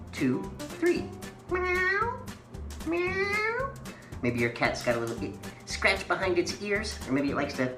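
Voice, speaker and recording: A woman teaching children a playful mime and movement lesson, giving sing-song, encouraging instructions. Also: low voice. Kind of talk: guided movement lesson for kids. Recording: echoey room with faint music.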